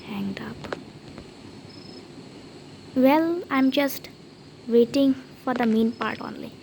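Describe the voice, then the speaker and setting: A woman plays a horror game and comments nervously in casual gameplay commentary, often dropping to a whisper and pleading. Her voice is high-pitched and measured in pace, with heavy background noise and loud typing and clicks behind.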